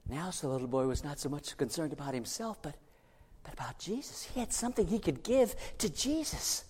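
A man preaching, telling a story in an animated, dramatic way. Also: a little high, a little fast, slightly rough. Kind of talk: sermon storytelling. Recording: long hall reverb.

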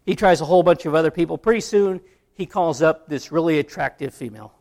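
A man's voice: on the high side, fast, a little mellow. A man preaching a sermon, telling an illustration story in a conversational way. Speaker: pastor.

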